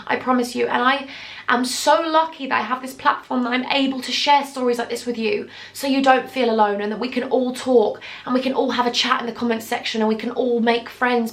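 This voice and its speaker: Tearful young woman vlogging. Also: fairly high pitch. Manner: earnest and heartfelt, speaking straight to viewers. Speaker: YouTuber. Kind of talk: emotional storytime vlog.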